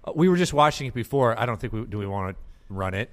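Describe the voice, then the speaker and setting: A man's voice: medium pitch, expressive, quick pace. A man hosting a podcast, chatting casually and laughing often as he talks. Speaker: podcast host.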